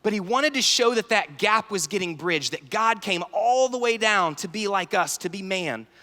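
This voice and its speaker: A man in his thirties giving an animated, story-filled talk at a youth conference, acting out dialogue. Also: high-pitched, moderate pace. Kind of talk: sermon-style talk with stories. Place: large conference hall. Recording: large hall reverb.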